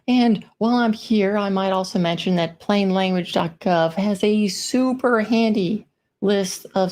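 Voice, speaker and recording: A woman speaking at an unhurried pace, taking her time over each point. She gives a friendly, informal conference talk with example sentences. Her pitch sits in the middle of the range. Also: a little mellow. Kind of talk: presentation talk on writing.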